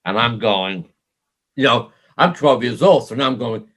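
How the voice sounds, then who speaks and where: This middle-aged New Yorker, a musician appearing as a guest, speaks in a mid-range voice and a little slowly. He tells stories during an interview, animatedly acting out quoted voices and laughing often along the way.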